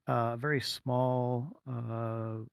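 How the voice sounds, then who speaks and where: A man's voice: mid-range voice, level tone, drawn-out words, vocal fry, clear, resonant tone, no echo. A man narrating as game master of a streamed tabletop game, rambling with fillers and humming to himself. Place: home streaming setup.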